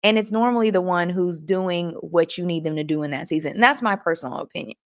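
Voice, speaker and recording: A woman's voice: fairly low pitch, quick pace. A woman hosting a casual motivational talk, chatting folksily with viewers, laughing often and reading aloud from a book between their comments. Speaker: host.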